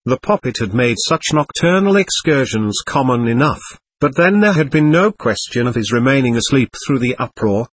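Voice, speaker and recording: A man narrating an audiobook in a measured, expressive storytelling manner, recorded on a close mic. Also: medium pitch, breathy edge, no room sound. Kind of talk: scripted narration.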